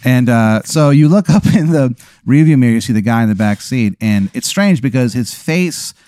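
A man spinning an improvised comic scenario in second person, rambling with many fillers in a deadpan way. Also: mid-range voice, normal speed, no echo, clean studio sound. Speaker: host running an improvised scenario. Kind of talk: casual comedic storytelling.

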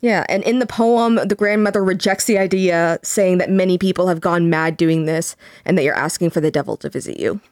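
A young woman co-hosting a casual podcast, calmly reading from articles and quotes with small fillers. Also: on the low side, no room sound, clean studio sound. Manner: measured, reads quotes aloud with fillers. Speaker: podcast co-host.

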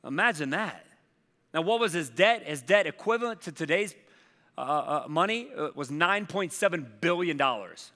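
A man's voice: fairly high pitch, lively intonation, normal speed, bright, forceful tone, big-room sound. A man preaching as a pastor in a conversational sermon, acting out objections and story lines.

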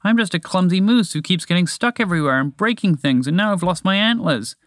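A man's voice: high voice, animated, a little fast, no room sound, clean studio sound, pitched above the performer's own voice. A man voicing a big, clumsy male moose who frets and gets upset easily, for a spoken storybook. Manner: fretful, emotional.

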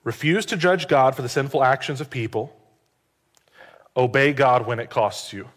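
A male pastor giving a sermon in a conversational, joking way, with quick asides to the congregation. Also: medium pitch, animated. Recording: long hall reverb.

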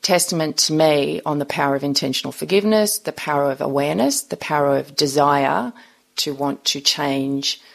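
A middle-aged woman speaks as a guest on an interview podcast. She tells her story in an earnest, reflective and unhurried way. Her voice sits low, with a creaky, gravelly edge.

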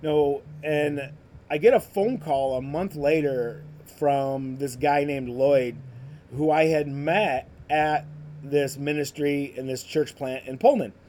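Male podcast host, slightly higher voice, casual testimony storytelling. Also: slow, darkish tone, slight background noise. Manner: conversational, full of "like" and "you know" fillers. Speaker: podcast host sharing his ministry story.

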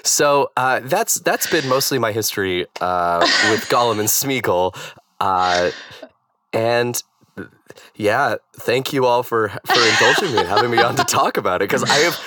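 A man in his thirties, a stage actor and guest, telling a story casually with lots of fillers and restarts in a naturally low voice. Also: lively intonation, measured pace, bright, forceful tone, no echo. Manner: rambling, hesitant, many fillers and restarts.

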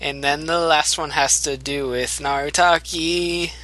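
Bright-voiced laughing podcast host. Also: male voice, on the high side, steady tone, measured pace. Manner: laughs often, loose and rambling. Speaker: podcast host reading the news. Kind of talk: casual podcast chat.

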